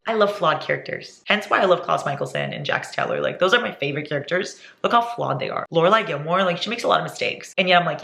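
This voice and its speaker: A woman's voice: lowish voice, very animated, fast, gravelly, few pauses, pushed and bright. A young woman in her twenties, chatting casually and dramatically in a reading vlog from home. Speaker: book vlogger. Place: indoors at home.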